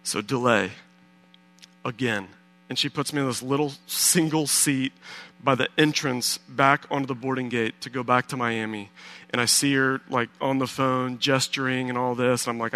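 A pastor preaching a sermon through a lively personal story, acting out his own reactions. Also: medium pitch, normal speed.

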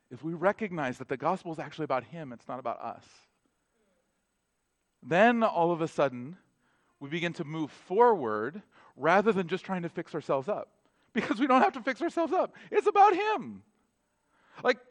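A pastor, a man with a slightly higher voice, preaching in a loose conversational style. He slips into quick acted dialogues, then drops to a near hush for emphasis before rising again. His delivery swings widely in pitch and level. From North America. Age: adult with children. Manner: conversational, animated, acts out short dialogues. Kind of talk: sermon.

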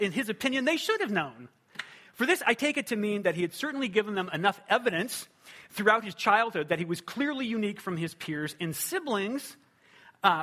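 A man preaching a sermon in a conversational, animated way, often asking rhetorical questions. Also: high-pitched. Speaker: pastor.

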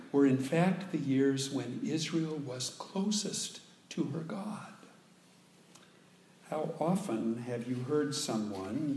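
A man preaching a sermon as pastor, speaking slowly and deliberately and leaning hard on key words. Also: mid-range voice, dark tone, slight background noise. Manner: slow, deliberate preaching with dramatic emphasis. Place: church sanctuary. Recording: echoey church room, faint ambience.

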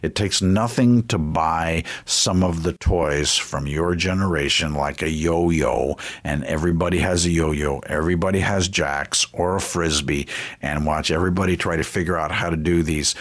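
A middle-aged man with a very low voice hosts a radio talk show. He tells animated, self-mocking stories in an easy conversational way. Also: normal speed. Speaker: radio host, family ministry leader.

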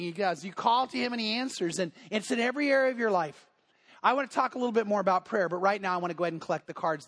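A man with a high voice preaches a sermon in a casual way and tells a story. He acts out the people in it and often repeats his words. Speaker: pastor. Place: church service.

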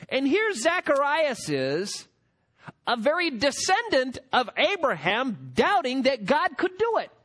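High-voiced emphatic male preacher. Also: huge pitch swings, unhurried, fairly bright tone. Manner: emphatic, rhetorical questions. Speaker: pastor. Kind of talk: sermon.

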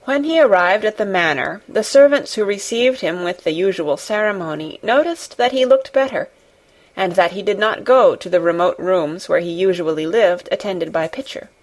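A woman narrates a classic novel as an audiobook, her voice sitting at an ordinary middle pitch. Her reading is measured and gently expressive, unhurried through long descriptive sentences. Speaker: audiobook reader. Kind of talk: scripted narration.

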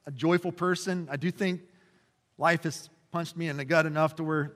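A passionate male pastor in his forties delivers a sermon with a fairly high voice. His talk is conversational and loose, full of fillers and restarts. His voice rings with a long reverb through a church hall. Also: fairly even intonation, moderate pace, a bit bright. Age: 40s. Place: church sanctuary.

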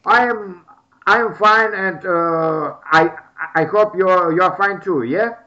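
Guy, lots of uh and restarts, slightly high voice, dull lo-fi audio. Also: takes it slowly, sharp tone. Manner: hesitant, many fillers and repeated words. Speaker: English teacher asking a question.

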